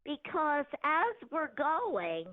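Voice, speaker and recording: An older woman telling a family story on a phone call, animated, laughing often and acting out what people said. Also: high-pitched, extremely slow, no room sound. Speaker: mother of the host, phone guest.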